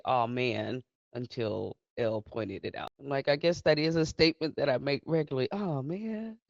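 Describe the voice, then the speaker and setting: A woman live streamer chatting casually with her viewers, laughing often and talking in an animated way. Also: a bass voice, vocal fry, no echo, muffled recording.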